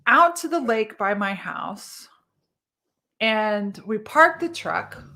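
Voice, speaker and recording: A woman from Texas, telling a personal story in a casual monologue, animated and swearing freely. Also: a little high. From Texas, USA. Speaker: podcast host.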